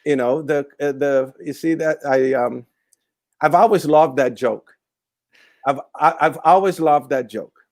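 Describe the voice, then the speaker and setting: A man from Brazil with a Brazilian accent, telling a story as a guest in a lively, laughing way on a video call. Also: a little high, a little slow, no room sound. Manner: lively, laughs often, repeats words. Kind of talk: animated storytelling in a chat.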